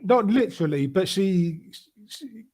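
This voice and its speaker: A man hosting a casual political chat show, talking in a halting way with many restarts and fillers. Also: sits high, lively intonation, a little mellow. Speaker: podcast host.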